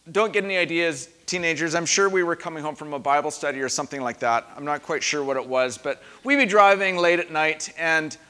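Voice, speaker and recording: A man preaching a sermon in a dramatic way, often dropping to a hush and then rising loud for emphasis. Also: on the high side, clean tone. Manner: dramatic, varies loudness for emphasis. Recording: long hall reverb.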